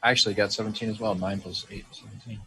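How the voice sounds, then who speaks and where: A man's voice: on the low side, fairly even intonation, racing, vocal fry, bright, forceful tone, slight background noise, poor audio. A man playing in a tabletop game, mumbling his rolls and dropping teasing asides. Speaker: player.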